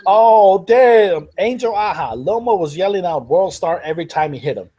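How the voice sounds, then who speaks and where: A man with a high, husky voice that swoops up and down as he talks. He reacts excitably in a casual fight discussion, jumping in with quick observations. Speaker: co-host.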